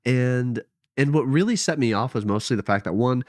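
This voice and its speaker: A man's voice: medium pitch, normal speed, darkish tone, no echo. Rambling young man on a dry headset mic. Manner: rambling, hesitant, self-deprecating. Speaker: vlogger. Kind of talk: casual late-night vlog.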